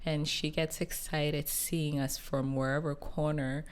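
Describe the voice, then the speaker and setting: A woman co-hosting a podcast, chatting casually and telling a lively story, acting out the people in it. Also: low-pitched, measured pace, clean tone. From living abroad in Taiwan. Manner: animated storyteller, acts out voices in quotes. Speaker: podcast co-host.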